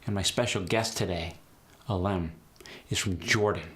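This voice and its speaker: A man hosting a tutorial as an accent coach, explaining sounds in a brisk, direct way. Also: low-pitched, fairly bright tone. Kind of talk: instructional tutorial.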